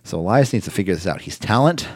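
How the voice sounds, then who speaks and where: A man co-hosting a casual chat, wandering through retellings with plenty of fillers. His voice sits on the low side. The sound is close and dry. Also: fast, slightly rough, no room sound. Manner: rambling, filler-heavy, animated retelling. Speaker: podcast co-host.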